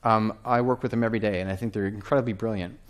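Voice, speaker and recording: A man in his thirties giving a lively conference talk from a stage, often asking the audience questions. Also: lowish voice, very fast. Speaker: conference speaker.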